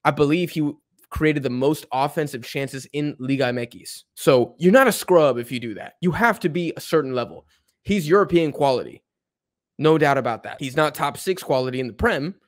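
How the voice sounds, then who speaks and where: A man's voice: on the high side, moderate pace. Man ranting casually about football. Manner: animated, opinionated, rambling. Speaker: football video host. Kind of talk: casual football rant to camera.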